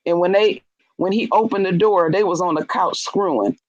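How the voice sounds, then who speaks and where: A woman, chatting casually on a live stream, animated and blunt, acting out quotes with big jumps in pitch. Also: normal speed, no echo, dull audio. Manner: blunt and profane. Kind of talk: casual chat.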